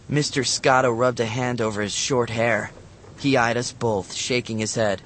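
A man narrating a children's novel as an audiobook, in a lively, expressive storytelling manner. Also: mid-range voice, moderate pace, a little hiss or hum.

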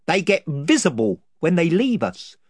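Reader playing the chief of the invisible creatures: rambling, rustic, politely menacing, with wildly swinging pitch. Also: sing-song, a little slow, dry recording, studio quality. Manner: rambling, folksy, servile yet menacing.

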